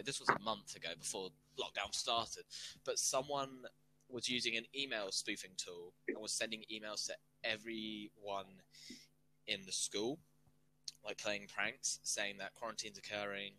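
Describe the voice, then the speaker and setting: A young man in casual chat, joking and teasing with quick comebacks. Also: fairly low pitch, fairly even intonation, pushed and bright, a little hiss or hum, poor audio. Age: young adult.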